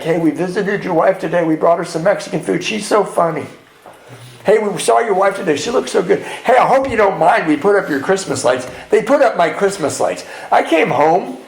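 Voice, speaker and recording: A man speaking at a men's retreat, telling a candid personal recovery story and acting out the lines of the people in it. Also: high voice. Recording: roomy echo in a retreat hall.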